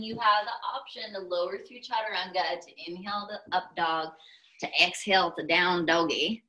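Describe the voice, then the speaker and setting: A young woman with a Texan accent, a yoga instructor giving calm step-by-step cues with playful asides. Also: on the low side, normal speed, poor audio. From Texas, US. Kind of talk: guided yoga class cues.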